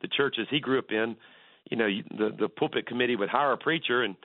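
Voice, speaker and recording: Speaking a little fast in a mid-range voice, a pastor tells stories as a guest on radio. He is earnest and restarts frequently. The audio is a dry, tinny phone line.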